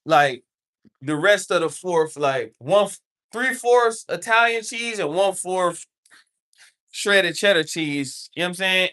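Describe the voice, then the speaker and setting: A medium-pitched, pushed, bright voice belongs to a livestreamer who rambles casually, keeps checking in with the chat, and says "you know what I'm saying" a lot.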